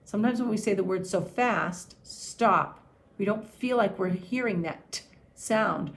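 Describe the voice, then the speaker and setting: A woman teacher giving a patient phonics and handwriting lesson to young children, sounding out each letter slowly. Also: mid-range voice, vocal fry.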